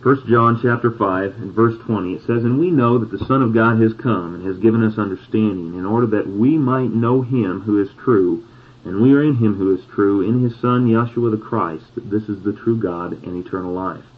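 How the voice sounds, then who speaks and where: A man preaching a sermon, reading scripture slowly and pausing on key words for emphasis. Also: lowish voice. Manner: slow, deliberate scripture reading with emphatic pauses. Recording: tinny phone-like sound.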